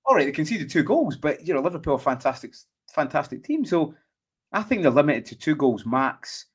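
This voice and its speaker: A Scottish man hosting a casual football chat, talking in an animated way and often asking "do you know what I mean". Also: a little high, brisk, breathy edge. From Scotland. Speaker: podcast host.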